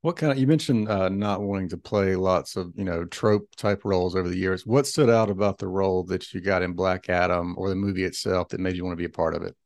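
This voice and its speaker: A man's voice: low voice, brisk, few pauses, a little mellow, no room sound. A man interviewing an actor, asking questions and giving brief, attentive backchannels.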